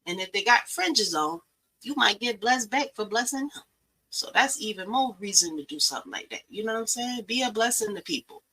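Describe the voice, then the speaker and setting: A woman's voice: medium pitch, expressive, brisk, sharp tone, breathy edge, rough recording. A middle-aged woman, hosting a talk show and giving blunt, profane, emphatic advice. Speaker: podcast host. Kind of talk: preachy motivational talk.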